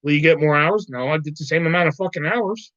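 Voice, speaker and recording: Man, casual livestream host, profane, ranting, slightly high pitch, dull lo-fi audio. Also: fast talker, fairly bright tone, no room sound. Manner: profane ranting, mimics coworkers. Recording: dry, dull lo-fi sound.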